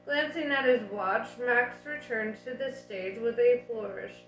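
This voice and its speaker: A woman reading a novel aloud in a casual, unhurried way, dropping in her own asides. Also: fairly high pitch, fairly bright tone, roomy sound, soft background music, poor audio. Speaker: audiobook reader.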